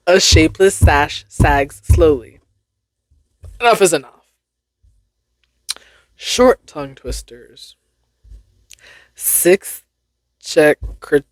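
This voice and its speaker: A woman's voice: sits low, slow, long pauses, no room sound, clean studio sound. A young woman hosting a casual solo podcast, reading tongue twisters aloud and laughing at her own stumbles. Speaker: podcast host.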